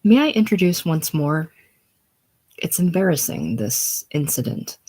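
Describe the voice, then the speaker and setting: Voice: medium pitch, sing-song, measured pace, mellow. A reader voicing a sickly, brooding older man. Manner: theatrical, brooding, self-pitying. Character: ailing older man, consumptive, grandiose and lonely. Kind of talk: casual play reading.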